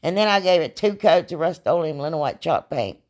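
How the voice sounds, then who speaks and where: A woman with a somewhat low voice narrates her craft project in a chatty, rambling way. She sounds a little hoarse, as if she is losing her voice. Her voiceover is relaxed and self-deprecating, full of asides to her viewers. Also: brisk. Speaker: craft channel host.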